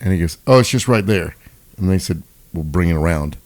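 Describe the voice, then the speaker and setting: A middle-aged man with a lowish voice co-hosts a podcast in casual chat. He jumps in with extra details and laughs often. His manner is easygoing and conversational. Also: animated, fairly quick, a little mellow. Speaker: podcast co-host.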